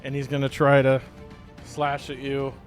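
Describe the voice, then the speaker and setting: A man narrating a tabletop game as game master, with animated storytelling. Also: medium pitch, a little slow, faint music behind.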